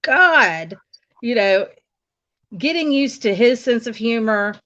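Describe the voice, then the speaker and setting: A woman's voice: on the high side, animated, slow pace, pushed and bright. A woman from the United States chatting casually on a live stream and telling stories, laughing often. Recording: dull, lo-fi stream audio.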